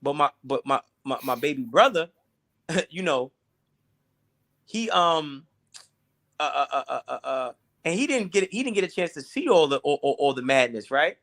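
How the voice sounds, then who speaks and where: Bright-voiced man telling a raw story. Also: fairly high pitch, lively intonation. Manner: profane, halting, repeats words. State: teary. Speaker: guest. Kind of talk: casual candid storytelling.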